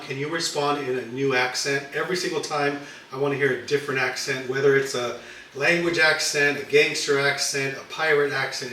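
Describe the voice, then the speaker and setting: A man's voice: mid-range voice, a little hiss or hum. Man, cooking host, loose and chatty with fillers; echoey room, distant mic. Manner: relaxed and rambling, with fillers. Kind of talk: casual cooking chat.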